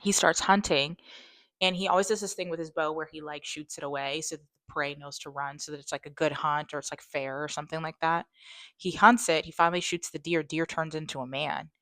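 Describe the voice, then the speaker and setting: Low-voiced woman rambling through a movie recap. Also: fairly quick, no echo. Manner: rambling, full of "like" and restarts; animated, voice jumping up when excited. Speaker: movie reviewer.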